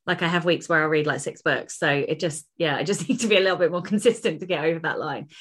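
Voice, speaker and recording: A woman co-hosting a casual podcast, thinking aloud as she talks. Her voice sits low but sounds bright and crisp. She speaks in quick bursts and often restarts her sentences. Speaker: podcast co-host, author.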